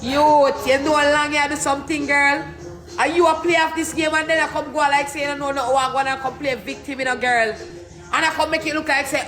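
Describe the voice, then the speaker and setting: A young Jamaican man in an angry, profane rant, shouting and cursing in rapid patois. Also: very high voice, fairly even intonation, faint music behind. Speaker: social media personality.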